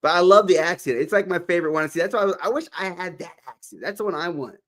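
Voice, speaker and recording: A man's voice: sits high, fast. Upbeat livestream host man from Texas. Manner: upbeat, repeats calls to tap the screen. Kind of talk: casual livestream chat.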